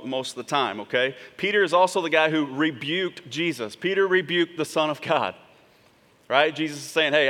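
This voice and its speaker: A man's voice: medium pitch, a bit bright. A man preaching a sermon as pastor, talking to the congregation in a conversational way and checking in with frequent asides. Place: church sanctuary. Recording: long hall reverb.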